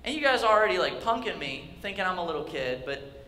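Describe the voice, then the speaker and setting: A young male pastor voicing a cocky, eager teenage boy, slangy and excited, in an echoey hall. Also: sits high, fast, exaggerated voice. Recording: echoey hall with faint ambience.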